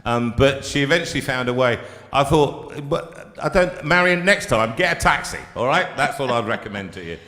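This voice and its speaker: A man's voice: medium pitch, expressive, normal speed, bright, forceful tone. A man from the south of England hosting a live music stream, chatty and self-mocking, laughing often as he tells stories. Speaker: singer and concert host. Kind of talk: casual live-stream chat. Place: music room. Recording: echoey room with long reverb.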